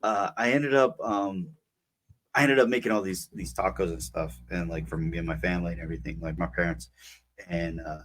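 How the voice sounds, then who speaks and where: Rambling low-voiced young man. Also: steady tone, a little fast, a bit bright. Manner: rambling, filler-heavy storytelling. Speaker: podcast co-host. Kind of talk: casual chat.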